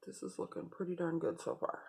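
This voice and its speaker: A woman's voice: fairly low pitch, level tone, brisk, gravelly, darkish tone, husky. A woman beauty vlogger talking viewers through a makeup tutorial in a casual, chatty way, speaking straight to them.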